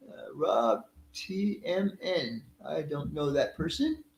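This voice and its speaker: A man's voice: on the high side, expressive, slow, creaky, roomy sound, poor audio. A middle-aged man casually hosting a live stream, greeting viewers by name in a friendly, chatty way and laughing easily.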